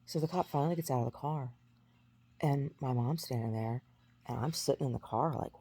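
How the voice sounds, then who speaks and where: A woman in her forties tells a long personal story in a casual, rambling way, circling back and restarting often. Her voice is gravelly with a husky edge and a warm, mellow tone. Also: rumbling low, brisk. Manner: rambling, many restarts and fillers. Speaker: vlogger.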